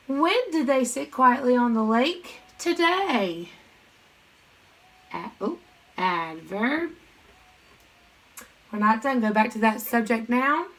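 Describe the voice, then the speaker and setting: A woman teaching a grammar lesson, chanting sentence parts in quick questions and answers and speaking to students directly. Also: a little high, sing-song, a bit bright, poor audio. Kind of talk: recorded classroom lesson.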